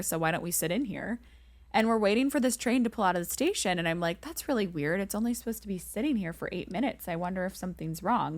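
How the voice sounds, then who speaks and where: A young woman co-hosting a podcast, telling a travel story in a casual, animated way and acting out the voices in it. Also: lowish voice, creaky, no room sound. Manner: animated, acts out quoted voices, many "like"s. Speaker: podcast co-host.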